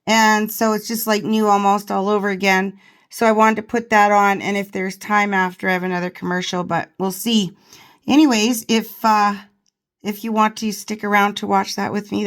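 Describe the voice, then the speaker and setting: A woman with a hoarse, worn voice hosts a casual online commentary. She pitches a little high and chats loosely, laughing between remarks. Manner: chatty, laughs often. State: hoarse from overuse.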